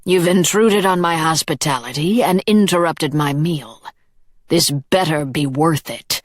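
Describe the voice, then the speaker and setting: A woman voicing a cold, menacing male monster who speaks slowly with quiet, cool politeness, for an audiobook. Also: deep voice, no room sound. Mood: menacing calm. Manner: slow, quiet, coolly polite.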